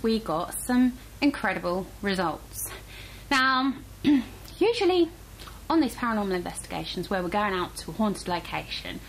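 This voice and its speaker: Woman, paranormal vlog host, chatty, animated, lively swoops in pitch. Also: slight background noise, rough recording. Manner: chatty, animated, rhetorical questions. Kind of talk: casual chat to camera.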